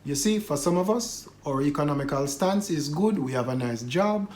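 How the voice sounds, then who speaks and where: A man's voice: on the high side, expressive, darkish tone. Man commenting in a roomy space. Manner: measured, rhetorical questions. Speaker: YouTube news commentator.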